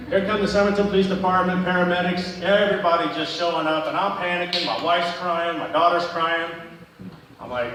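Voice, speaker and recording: This stand-up comic has a fairly high, fairly bright voice and talks fairly quickly, spinning a rambling, profane tale for a live crowd. Recorded from a distance in an echoey event hall at a live show, the clip carries slight background noise.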